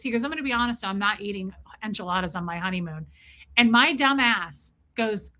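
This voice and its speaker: Woman, livestream host, bright crisp voice, a bit high, lively self-mocking storytelling. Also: fairly quick. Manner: animated storytelling, self-mocking, greets chatters by name. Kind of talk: casual livestream chat reading viewer comments.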